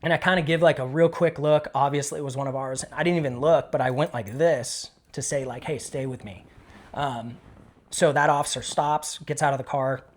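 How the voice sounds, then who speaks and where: A man's voice: a little high, a little fast. Profane storytelling retired cop, male. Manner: casual, profane, animated retelling with quoted dialogue. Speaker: retired police K9 handler. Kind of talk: casual storytelling interview.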